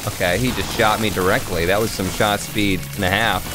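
A man hosting a gaming channel, giving chatty let's play commentary with sudden excited yelps. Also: fairly low pitch, fairly quick, music in the background.

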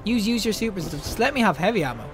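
A young man giving excitable live commentary over his own gameplay, yelping and laughing when things go wrong. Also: high-pitched, very fast, over music. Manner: excitable, yelps and laughs at deaths. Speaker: gaming YouTuber.

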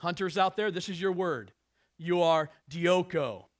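A middle-aged man preaching a sermon as pastor, swinging between hushed asides and raised, emphatic passages. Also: high voice, unhurried, no room sound, clean studio sound.

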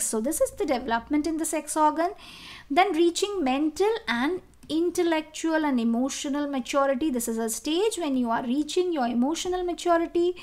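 High-voiced woman teaching biology. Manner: explains step by step with many fillers and restarts, asks the class questions. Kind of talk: classroom lecture.

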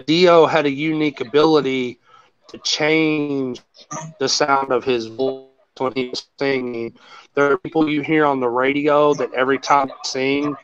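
A man's voice: medium pitch, a little slow. Profane rambling man, dull lo-fi sound. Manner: rambling, profane, animated storytelling. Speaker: host. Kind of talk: casual chat.

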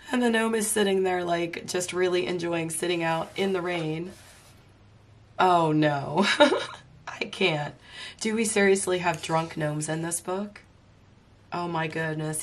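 A woman's voice: on the low side, slow pace, pauses often. A woman host giving a casual book flip-through, laughing often and exclaiming in amusement, her voice strained because talking hurts while she is unwell. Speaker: coloring book reviewer.

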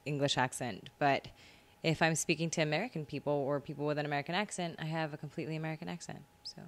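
A woman co-hosting a podcast in casual chat, easygoing and quick to laugh. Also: low voice, fairly even intonation. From Philippines, Batangas. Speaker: co-host.

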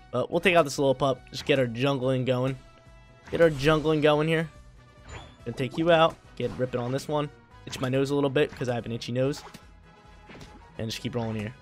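Excitable young man commentating gameplay. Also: medium pitch. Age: young adult. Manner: excitable, slangy, bursts into loud hype. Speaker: gaming video creator.

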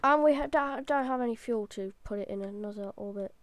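A woman hosting a gaming channel, giving excitable, hyper, rambling live gameplay commentary full of restarts. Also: a little high, fairly quick, no echo.

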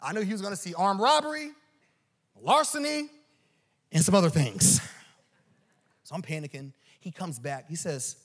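A man preaching a storytelling sermon in a church, animated and joking. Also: fairly high pitch, normal speed, pauses often. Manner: animated and joking, acts out quoted voices. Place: church auditorium.

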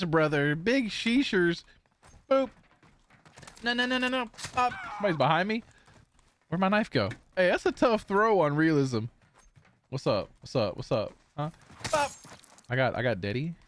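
A young man streaming a shooter game, giving live gameplay commentary with playful taunts and sudden excited yells. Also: a little high, slight background noise. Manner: excitable, taunting banter with bursts of yelling. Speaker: gaming streamer.

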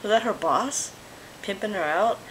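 A woman's voice: medium pitch, normal speed, a little hiss or hum, low-quality recording. A woman vlogger giving casual reaction commentary, blunt and swearing freely as she talks back at the screen. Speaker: vlogger reacting to a music video.

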